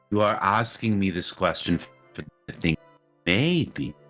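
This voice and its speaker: Aloof tower sage, female, played by a man, deep and slow, condescending, tabletop role-play with soft music. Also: full character voice. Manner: measured, cool and faintly condescending.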